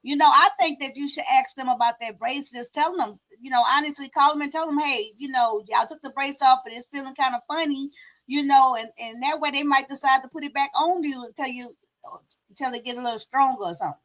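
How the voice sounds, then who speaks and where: Blunt, high-voiced woman friend. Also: fairly quick, fairly bright tone, rough recording. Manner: blunt, teasing, encouraging. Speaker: friend checking in. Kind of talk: casual chat.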